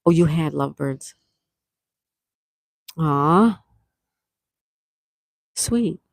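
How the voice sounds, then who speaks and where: Soft-spoken woman chatting on a livestream. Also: sits low, lively intonation, drawn-out words, gravelly, no echo, studio quality. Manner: chatty, reads viewer comments aloud and thanks them; soft-spoken with sweet exclamations. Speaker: livestream host. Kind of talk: casual live chat reading comments. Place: outdoors near calm water.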